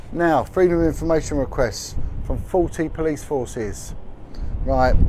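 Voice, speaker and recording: A man hosting a casual livestream outdoors, chatting with asides as he reads out figures. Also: mid-range voice. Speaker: livestream host. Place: outdoors in windy street. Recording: noisy outdoor street recording. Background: wind, traffic and street noise.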